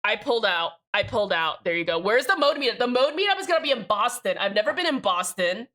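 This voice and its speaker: A woman's voice: medium pitch, big pitch swings, fast talker, sharp tone. A woman live streamer chatting casually with her chat, joking and swearing, with rambling restarts. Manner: profane, joking, reads out chat names.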